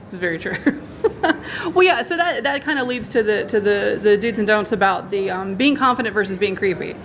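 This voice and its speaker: A woman's voice: medium pitch, expressive, a little fast, a bit bright, a little hiss or hum. A woman hosting a convention panel in a casual talk, laughing often and acting out lines.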